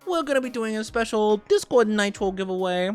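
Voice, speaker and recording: A cringey male chat moderator, as a woman puts him on, halting and greasy-sweet. The voice pushes up high and stays awkward, with faint music behind. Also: expressive, natural voice. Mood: smarmy.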